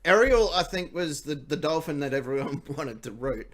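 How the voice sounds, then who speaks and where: A man's voice: fairly high pitch, lively intonation, normal speed. A man with an Australian accent hosting a live show, joking crudely and laughing often. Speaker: host. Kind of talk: casual comedic live-stream banter.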